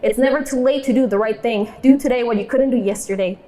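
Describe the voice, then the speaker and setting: A woman's voice: fairly high pitch, quick pace, dark tone. A young woman performing spoken word poetry in a defiant, rhythmic delivery, mixing in Spanish lines. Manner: defiant, rhythmic, switches between English and Spanish.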